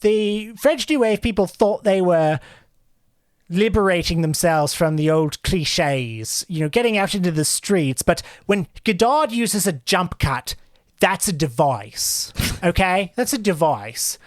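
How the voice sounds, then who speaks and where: A lecturing male film director with a put-on British accent, as a man imitates him. He speaks slowly and stresses each point, in a fairly high voice. The sound is dry and close. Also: animated, no echo.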